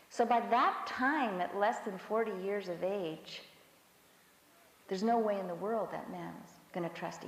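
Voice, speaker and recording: A woman interviewed for a documentary, speaking in a reflective, measured way. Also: medium pitch. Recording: roomy echo with long reverb.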